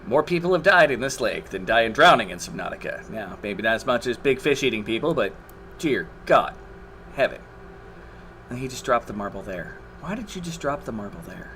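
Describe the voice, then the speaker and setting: A man's voice: medium pitch, big pitch swings, fairly quick, bright, forceful tone, slight background noise. A man commentating his own gameplay on a live stream, exasperated, swearing and groaning at the game.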